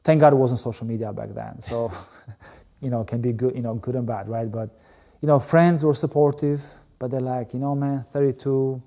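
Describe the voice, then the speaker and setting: A man from Albania, a volleyball player, shares his emotional personal story as an interview guest. His medium-pitched voice is gravelly and mellow at a normal pace, and he speaks candidly and ramblingly with lots of fillers.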